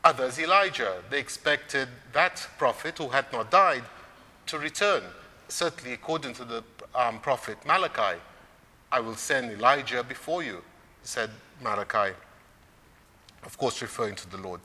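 A man delivers a sermon in a church. His voice is bright and forceful, and he preaches in a measured way, lifting it for emphasis. Long reverb trails behind each phrase. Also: medium pitch, expressive. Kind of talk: sermon on scripture.

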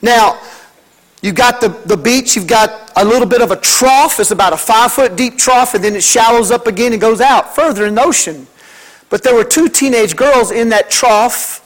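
An older man, a pastor preaching a fervent sermon to his church, moving between loud, emphatic lines and hushed ones. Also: very high-pitched, rough recording.

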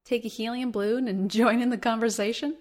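A woman's voice: on the high side, fairly even intonation, a little fast, a little mellow. A woman co-hosting a podcast in casual chat, chatty and giggly as she jumps between topics. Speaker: podcast co-host.

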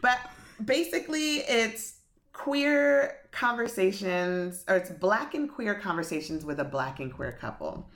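A woman's voice: medium pitch, expressive, unhurried, fairly bright tone. A woman guest in a casual podcast chat, explaining at length with lots of fillers.

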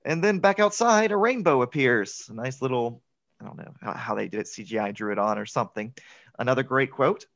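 A man's voice: medium pitch, brisk, no echo. Brief: male podcast co-host, chatty film recap, dull dry lo-fi recording. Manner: chatty, laughs often, quotes lines in excited voices. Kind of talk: casual movie recap chat.

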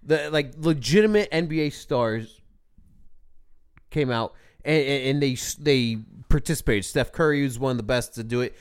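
A man co-hosting a podcast, talking in a casual, animated, ranting way with plenty of swearing. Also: medium pitch, normal speed, clear, resonant tone. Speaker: podcast co-host. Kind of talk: casual chat.

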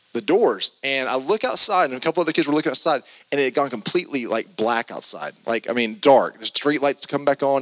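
A man with a medium-pitched voice preaches a sermon, recounting a story from his youth with animated delivery and many repeated starts. The recording is dry.

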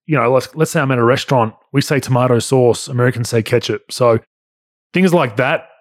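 A man's voice: mid-range voice, fairly quick, dry recording, studio quality. Laid-back Australian man on a podcast. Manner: laid-back, blunt, swears casually. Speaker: podcast host, former pro basketball player. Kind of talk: casual podcast chat, reading listener questions.

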